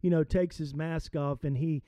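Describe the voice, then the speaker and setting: A man preaching a sermon, telling a story conversationally with many fillers and slowing down to stress points. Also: on the high side, steady tone, dark tone, dry recording. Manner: conversational, hesitant with fillers, slows for emphasis. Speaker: pastor. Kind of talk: sermon with storytelling and scripture reading.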